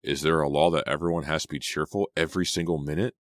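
A man's voice: a bass voice, steady tone, fast, no echo, clean studio sound. A man voicing a moody teenage boy who snaps irritably. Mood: grouchy. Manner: snappish, irritable.

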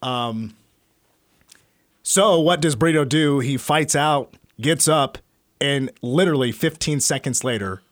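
Chatty sports radio host, dry close mic. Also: male voice, mid-range voice, slow, no echo. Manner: storytelling, animated retelling. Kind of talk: casual sports talk.

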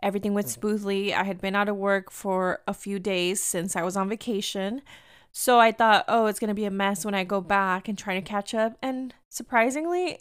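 Candid podcast host woman, smooth dry voice. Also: mid-range voice, dry recording. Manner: candid, confessional, rambling storytelling; drops into Spanish phrases. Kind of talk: personal podcast monologue.

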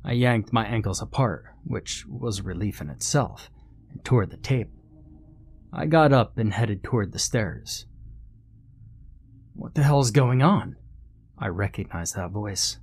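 Slow, low-voiced horror narrator. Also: male voice, expressive, breathy edge. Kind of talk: scripted horror story narration.

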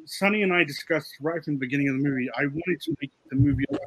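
A man, a film director and writer, talking casually in an interview and explaining his ideas in a relaxed way. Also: a little high, quick pace, slightly rough, rough recording.

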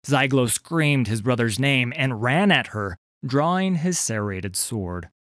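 Brief: lively, expressive male audiobook narrator, lowish voice, dry close sound. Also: no room sound. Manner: measured, expressive storytelling.

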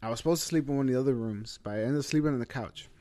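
Man swapping stories with friends, loose and profane, average pitch. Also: very fast, warm tone. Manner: loose, profane, filler-heavy, says bro a lot. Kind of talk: casual storytelling chat.

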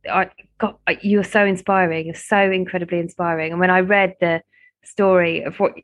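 A woman's voice: on the low side, fairly even intonation, normal speed. A woman, hosting a podcast in casual chat and speaking with effusive praise. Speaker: podcast host.

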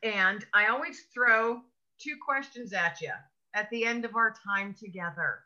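An American woman hosting a podcast interview, friendly and quick to laugh. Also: mid-range voice, sharp tone, dull audio. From United States. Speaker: podcast host. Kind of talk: casual interview.

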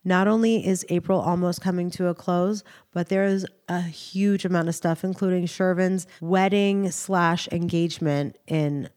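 A woman's voice: fairly low pitch, steady tone, normal speed, few pauses, darkish tone. Female podcast co-host, stuffy-nosed, chatty and rambling. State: congested, nasal from a cold. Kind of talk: casual chat.

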